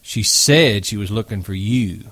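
A man's voice: fairly low pitch, normal speed, no echo, natural voice. A man reading aloud and voicing a wary, protective ranch worker who speaks curtly and coldly. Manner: curt, cold.

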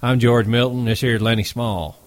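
A man's voice: medium pitch, fairly even intonation, moderate pace, darkish tone, dry recording, natural voice. A man reading aloud and voicing a wary, protective ranch worker who speaks curtly and coldly. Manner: curt, cold.

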